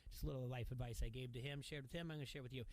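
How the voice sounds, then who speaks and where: Man, sports radio host, casual story, lots of ums and restarts, mid-pitched voice. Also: steady tone, rapid-fire. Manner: rambling storytelling, many fillers and restarts.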